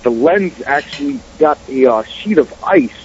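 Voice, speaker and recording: Ny accent guy, animated, cursing a lot, kinda faint background hiss. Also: a little high, normal speed. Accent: New York area. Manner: animated, profane, streetwise. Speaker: filmmaker guest. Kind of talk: casual storytelling interview. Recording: dull radio audio.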